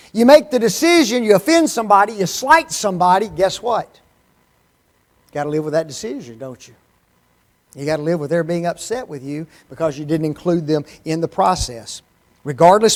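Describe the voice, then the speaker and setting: A man preaching a sermon in church, animated, constantly asking the congregation rhetorical questions. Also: high-pitched.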